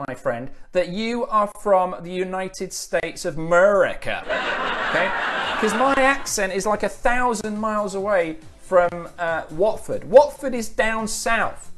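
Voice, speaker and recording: A man with a British accent reading out live-stream chat in a sarcastic, animated way, swearing freely. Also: high voice. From United Kingdom.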